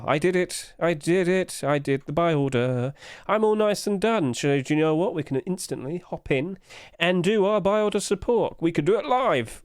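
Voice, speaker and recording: A man's voice: on the high side, moderate pace, smooth, no echo, clean studio sound. A man chatting casually to his live-stream audience, humming little filler noises as he clicks through pages.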